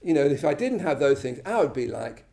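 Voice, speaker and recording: English guy teaching a buddhist class, kinda gravelly, chatty and self-deprecating, keeps saying yeah?. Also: medium pitch, sing-song, fairly quick, mellow. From England. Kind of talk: informal Dharma talk to a live class. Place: shrine room at a Buddhist centre, live class.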